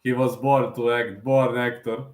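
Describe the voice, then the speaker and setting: A man's voice: mid-range voice, steady tone, a little slow, echoey room. A man hosting a live stream question-and-answer, speaking hesitantly with many fillers and non-native phrasing. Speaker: host.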